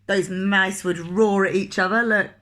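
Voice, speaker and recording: A woman reading a picture book aloud to children, expressive and asking the listener questions. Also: mid-range voice, unhurried. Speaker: teacher reading a story to children.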